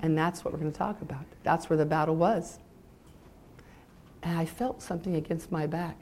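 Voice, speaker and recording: A middle-aged woman from California, giving an emotional Christian testimony to an audience as a mother, moving between bright emphasis and hushed intensity. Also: low voice, steady tone, moderate pace, a little hiss or hum. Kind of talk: sermon-style personal testimony.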